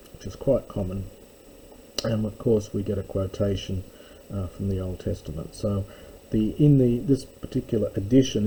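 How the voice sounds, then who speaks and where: A man teaching a slow verse-by-verse Greek lesson, explaining word by word with pauses and fillers. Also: medium pitch, mellow, a little hiss or hum, rough recording.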